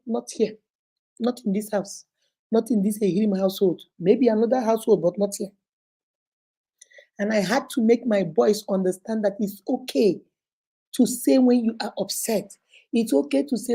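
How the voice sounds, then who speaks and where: A middle-aged woman with a Nigerian accent, hosting her own talk show with an emphatic, animated delivery that slips into Pidgin. Her voice sits a little high, with a mellow, warm tone. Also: normal speed, breathy edge. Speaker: host. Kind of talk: casual talk-show monologue.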